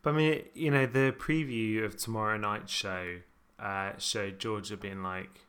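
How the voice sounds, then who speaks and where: Male co-host, lowish voice with a bright edge, dry humor, casual chat. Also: fairly even intonation, unhurried, hardly any pauses, clear, resonant tone. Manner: dry wit, chatty with fillers. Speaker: podcast co-host.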